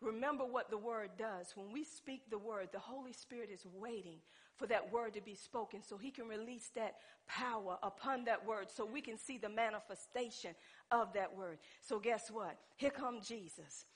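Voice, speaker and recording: A woman preaching a sermon, swinging between loud exclaiming and hushed low tones and calling out to the congregation. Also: moderate pace, breathy edge.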